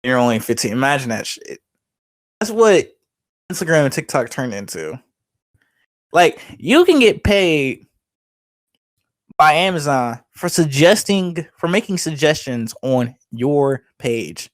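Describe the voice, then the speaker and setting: A young man co-hosting a podcast, talking in a lively, rambling way with lots of "like" and swearing. His voice sits fairly high for a man. The sound is close and dry, with no room around it. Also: unhurried, long pauses, dry recording. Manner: animated, swearing, laughing, lots of "like". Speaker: podcast co-host. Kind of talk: casual podcast chat.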